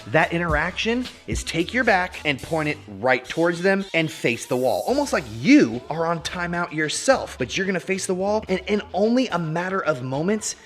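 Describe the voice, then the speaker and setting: Hyped dude doing a dog training vlog, goofy and animated, bouncy pitch. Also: male voice, normal speed, hardly any pauses, soft background music. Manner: animated, jokey, puts on goofy voices for the dogs. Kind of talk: energetic casual tutorial.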